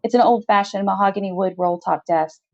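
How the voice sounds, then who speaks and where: A woman author reading her own first-person short story in a steady, measured narration, heard on a slightly dull lo-fi recording. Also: medium pitch.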